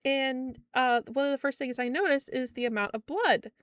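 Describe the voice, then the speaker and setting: A young woman streamer telling a story in casual chat, animated and exasperated, laughing often. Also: high voice, normal speed, clear, resonant tone, dry recording, clean studio sound.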